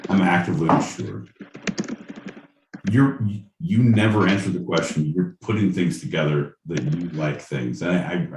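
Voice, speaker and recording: A man's voice: low voice, a little mellow, distant mic. A man co-hosting a comedy podcast, riffing in casual banter and mock stand-up bits, swearing freely. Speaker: podcast co-host. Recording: echoey room, off-mic, faint noise.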